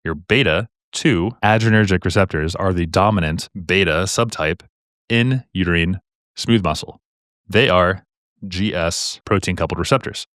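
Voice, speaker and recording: A man's voice: low-pitched, fairly bright tone, no room sound, studio quality. A man tutoring for a medical exam, working through practice questions in a casual way with the odd joke. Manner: quick, casual, joking asides.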